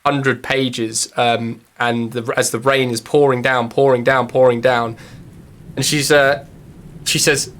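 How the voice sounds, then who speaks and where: A man's voice: mid-range voice, little pitch movement, takes it slowly, fairly bright tone. A man narrating as game master, hesitant and full of fillers.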